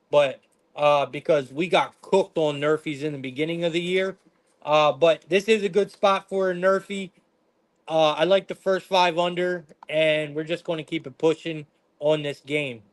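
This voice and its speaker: A man hosting a live sports betting stream, giving casual game breakdowns and talking to his chat in a laid-back way. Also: fairly high pitch. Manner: laid-back, talks to chat, says "bro" and "man" often.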